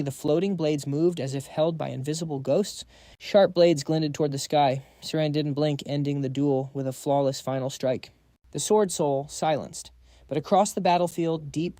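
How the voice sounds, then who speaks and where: A man's voice: on the high side, normal speed, warm tone, dry recording, studio quality. A man narrating a fantasy comic recap in a dramatic, scripted storytelling style.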